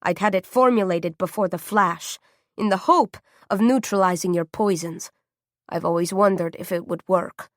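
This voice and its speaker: Brief: female narrator voicing Death, a weary ancient knight, low, raspy, accented, patient and chiding, audiobook read. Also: fairly even intonation, normal speed, no echo, clean studio sound, lightly acted. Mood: calm, patient.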